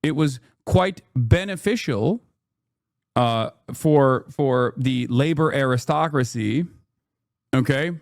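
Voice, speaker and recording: A man's voice: mid-range voice, slow, no room sound, clean studio sound. A man in his thirties ranting sarcastically and with profanity as he reacts to news on a live stream. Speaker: political streamer. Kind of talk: casual reaction commentary.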